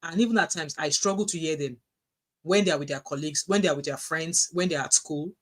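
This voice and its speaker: A middle-aged woman with a Nigerian accent, chatting casually on a livestream, telling animated stories and reading out viewer comments. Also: sits low, fast. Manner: animated storytelling with frequent restarts, reads out chat messages.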